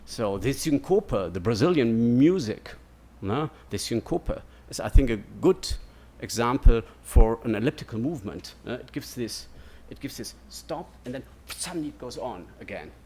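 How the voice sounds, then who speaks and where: A man's voice: medium pitch, animated, moderate pace, hardly any pauses, darkish tone. A man giving an academic lecture in a digressive way, checking in with "yeah?" and "no?" as he goes. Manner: digressive, keeps asking "yeah?" and "no?".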